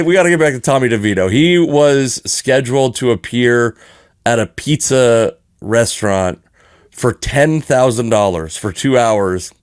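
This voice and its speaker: A man in an easygoing sports podcast chat, wandering through his points with restarts and little chuckles. His voice sits at a middle pitch, recorded dry and close with no room sound. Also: no echo. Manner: rambling, joking, frequent restarts and chuckles. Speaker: podcast co-host.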